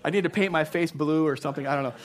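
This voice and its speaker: A man preaching a sermon to a congregation as pastor, impassioned, repeating phrases and building to loud exclamations. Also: a little high, racing, a crowd in the background. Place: church before a congregation.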